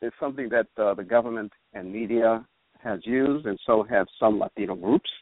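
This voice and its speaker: A man, a political theorist as guest, explaining in a measured way and often checking with "right?". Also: on the low side, dry recording. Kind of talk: explanatory interview talk. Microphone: phone. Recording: tinny dry phone line.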